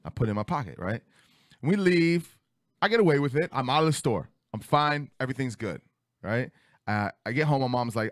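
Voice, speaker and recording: A man in his thirties telling a childhood story on a radio talk show, acting out voices with big jumps in pitch. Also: fast, no echo, clean studio sound. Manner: animated, acts out quotes with big pitch jumps. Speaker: podcast host. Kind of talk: casual storytelling. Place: studio.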